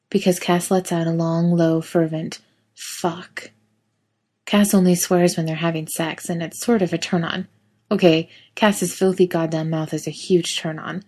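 A woman narrating a fan fiction story in a steady, intimate reading voice. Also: fairly low pitch.

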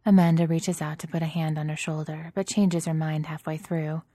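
A woman narrating a story in a steady, even reading voice. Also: low voice, normal speed, dry recording.

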